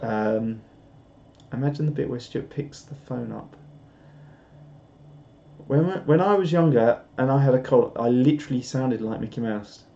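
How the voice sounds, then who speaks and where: A man's voice: medium pitch, measured pace, vocal fry, pauses often, mellow, highs cut off. A man rambling casually on a live stream, laughing at himself. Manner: rambling, self-mocking, laughs often.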